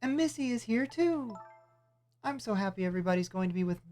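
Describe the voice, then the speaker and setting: A man's voice: high-pitched, animated, brisk, darkish tone, faint music behind, voice pushed up. A man doing a sweet young girl's voice. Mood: happy. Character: sweet, trusting young girl.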